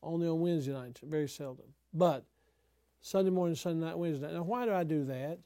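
An older man, a pastor, teaching other preachers in an emphatic style that breaks into sudden loud exhortations. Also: fairly high pitch, fast talker, no room sound, studio quality.

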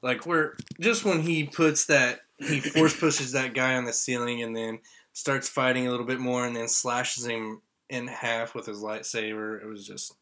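A man from Indiana talks eagerly on a casual podcast, rambling through his thoughts. His voice is bright and clear, sitting at a middle pitch. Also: normal speed. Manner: excited, rambling fan talk. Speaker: podcast co-host. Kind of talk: casual chat.

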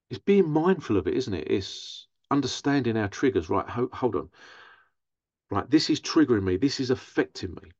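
A man's voice: medium pitch, darkish tone, no room sound, dull audio. A man, a therapist, talking through a casual monologue, often mimicking other people in a raised voice. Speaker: therapist and podcast host.

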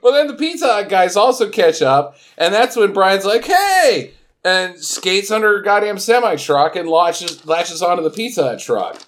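Animated man recapping a movie. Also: high-pitched, moderate pace, hardly any pauses. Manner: animated storytelling with loud sound effects. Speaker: podcast co-host. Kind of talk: casual comedic movie recap.

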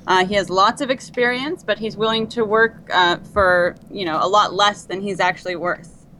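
A woman's voice: medium pitch, normal speed, bright, forceful tone, a little hiss or hum, rough recording. Teasing woman co-host in casual banter. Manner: teasing, playful. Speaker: podcast co-host. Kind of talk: casual prank-call banter.

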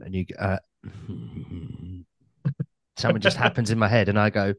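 A man hosting a podcast, telling rambling anecdotes with deadpan punchlines in casual chat. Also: lowish voice, moderate pace, no echo.

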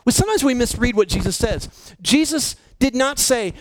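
A man delivers a sermon in a fairly high, light voice. The sound is dry and close, with no room around it. He preaches slowly and emphatically, sinking almost to a hush on the points he wants to land. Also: lively intonation, no echo, poor audio. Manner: slow, emphatic preaching with dramatic drops to near-whisper. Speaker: pastor.

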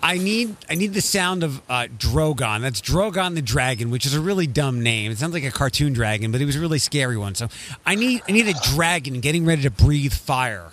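A man hosting a radio show in the studio, running a silly game with playful teasing and quick restarts. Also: fairly high pitch, expressive, fairly bright tone, slight background noise.

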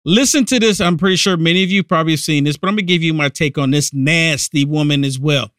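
A man's voice: a little high, fast, a bit bright, smooth, no room sound, clean studio sound. A man hosting a political podcast, giving indignant, emphatic commentary. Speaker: podcast host.

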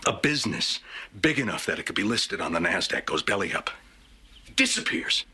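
Walt is a middle-aged teacher turned criminal, snarling cold threats in a low, raspy voice. His pitch swings wide as he presses every word, and the tone stays hard and cutting. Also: big pitch swings, moderate pace, sharp tone, exaggerated voice. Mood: menacing.

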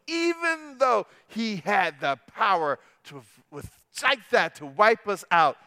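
A middle-aged man preaches a sermon, telling a story and moving between hushed lines and forceful, emphatic ones. His voice sits high and bright, with a smooth, resonant clarity. The sound is dry and close, with almost no room reverb. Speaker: pastor.

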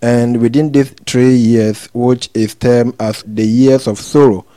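A male host with a mid-pitched, warm, mellow voice sums up his guest's story. He speaks in a measured way and pauses on "um." He is recorded close and dry. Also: steady tone, no room sound. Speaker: interviewer host. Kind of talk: interview recap.

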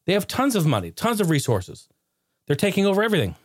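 A man's voice: high-pitched, huge pitch swings, fast talker, dry recording, studio quality, voice pushed up, heavily acted. A man doing a chirpy, brash gaming boss. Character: upbeat male gaming executive, brash and dismissive.

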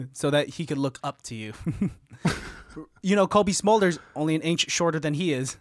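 A man co-hosting a podcast, telling a movie plot in casual chat, animated, laughing often and swearing freely. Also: on the high side, moderate pace, no room sound, clean studio sound.

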